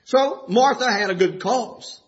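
A man's voice: sits high, unhurried. A man preaching a sermon from scripture, folksy and chuckling, rising into fervent exhortation. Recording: dull lo-fi sound.

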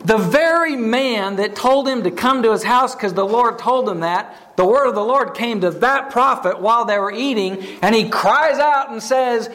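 A man's voice: sits high, normal speed, hardly any pauses, a bit bright. A man preaching a sermon, telling a story with repeated words and questions put to his listeners.

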